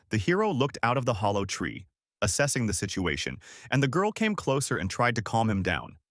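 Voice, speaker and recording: A man narrates a comic story recap in a steady, scripted read. His pitch moves in a lively, animated way. The recording is dry and close, with no room sound. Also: no room sound.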